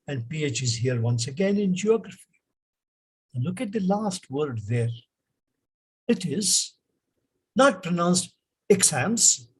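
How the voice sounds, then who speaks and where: A man's voice: fairly high pitch, husky, rough recording. A man teaching pronunciation in a lecture, drilling example words by repeating them. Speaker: English teacher.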